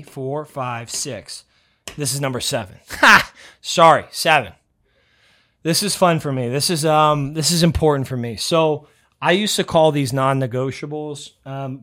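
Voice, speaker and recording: A man hosting a motivational podcast, talking bluntly and loudly with some swearing, a self-described yeller. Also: medium pitch. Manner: blunt, profane and fired up. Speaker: podcast host.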